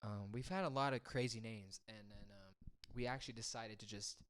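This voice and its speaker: Young man, lowish voice, rambling, casual podcast storytelling. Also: fairly quick, a bit bright. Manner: rambling storyteller, many fillers. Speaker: guest musician.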